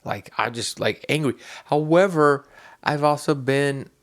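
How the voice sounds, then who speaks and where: A man's voice: a little high, a little slow. A man co-hosting a podcast in casual chat, telling a rambling story with many restarts and bursts of laughter. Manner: animated when acting out scenes. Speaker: podcast co-host.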